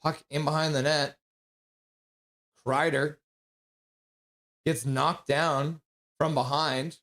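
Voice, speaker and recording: A man streaming live hockey play-by-play, excitable and blunt, chatting casually with his viewers between plays. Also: a little high, slow. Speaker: streamer doing fan play-by-play.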